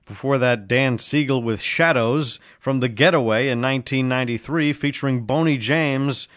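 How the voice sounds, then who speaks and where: A man hosting a smooth jazz web radio show, chatting casually between tracks with self-deprecating asides. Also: medium pitch, moderate pace, fairly bright tone, no room sound, clean studio sound. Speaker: radio DJ host.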